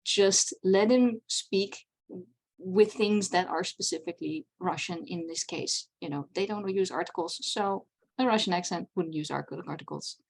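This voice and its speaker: A woman who isn't a native English speaker gives a chatty talk on writing at a convention panel, full of fillers and restarts. Her voice is low and gravelly, at a moderate pace.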